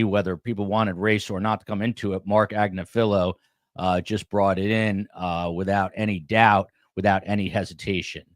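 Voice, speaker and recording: A man's voice: fairly low pitch, dry recording, studio quality. A man hosting a true crime show, giving commentary as he reads out quotes and adds his own asides. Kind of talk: commentary on a court case.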